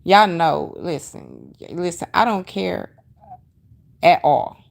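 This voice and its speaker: Middle-aged woman, livestream host, gravelly voice, emphatic, sassy, repeats her points, chats with viewers. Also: lowish voice, slow pace. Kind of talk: casual livestream chat, reading viewer comments.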